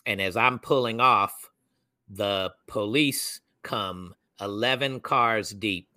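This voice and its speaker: A young adult man co-hosting a podcast, telling a personal story in casual chat and acting out the people he quotes in loud voices. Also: lowish voice, slow, no echo. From United States. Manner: animated, acts out quoted voices loudly. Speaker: podcast co-host.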